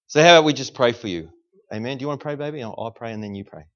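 A man preaching an energetic sermon in a church service, calling out to the congregation for responses. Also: medium pitch, racing, dull audio. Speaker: guest preacher.

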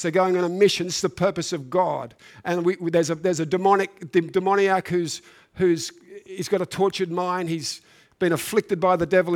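A man preaching a sermon, reading scripture and then speaking earnestly, building to emphatic peaks and often restarting his phrases. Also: high voice.

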